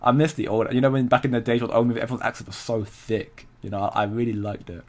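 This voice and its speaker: On his casual crypto livestream, a young man talks quickly at a normal mid-range pitch. His loose, rambling chat keeps breaking off for viewer greetings and replies to comments, with easy laughter throughout.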